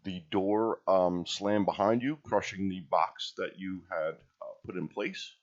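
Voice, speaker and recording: A man running a tabletop game as dungeon master, narrating in an unhurried, halting way with many pauses. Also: sits low, highs cut off.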